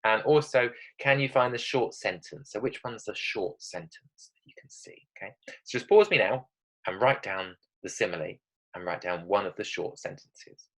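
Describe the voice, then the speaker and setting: A man with a fairly low voice teaching a short writing lesson to pupils on video. He speaks with lively emphasis, punctuates his points with "okay?", and slows down to read example sentences for dramatic effect. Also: rough recording. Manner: dramatic reading of example text. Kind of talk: recorded online writing lesson.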